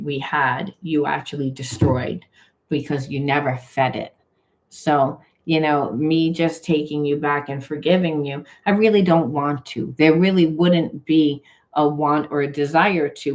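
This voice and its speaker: A low-pitched woman giving a tarot-style reading in a loose, run-on monologue. She slips into imagined back-and-forth dialogue and repeats phrases to drive her point home. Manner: emphatic, acts out imagined dialogue in quotes. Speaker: tarot reader.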